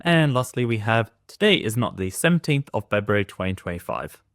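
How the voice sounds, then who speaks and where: A man hosts a tech video in a fairly low voice, speaking relaxed, tentative verdicts with plenty of fillers. He calls his own reading voice monotone. The recording is close and dry. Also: a little fast, no room sound. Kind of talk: casual commentary.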